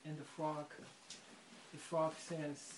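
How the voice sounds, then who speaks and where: During a spiritual discussion, a participant retells a story slowly, in a level, medium-pitched voice, reflecting and searching for words. The voice is off mic and distant, in an echoey room with faint background noise.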